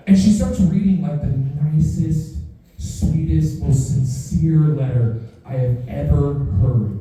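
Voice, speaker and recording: A man's voice: on the high side, fairly quick. A young man doing stand-up comedy, telling a profane story and acting out the voices in it, recorded live. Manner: profane, animated, acts out quoted voices. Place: live comedy show in a house. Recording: echoey room, mic far off.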